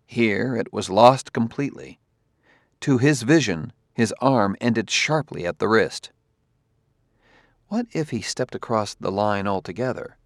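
A man reading a novel aloud as audiobook narrator, in a measured, steady way. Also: lowish voice, no echo, studio quality. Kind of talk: scripted narration.

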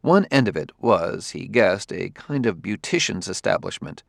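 A man reading a novel aloud as audiobook narrator, in a measured, steady way. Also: fairly low pitch, creaky, dry recording, studio quality. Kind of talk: scripted narration.

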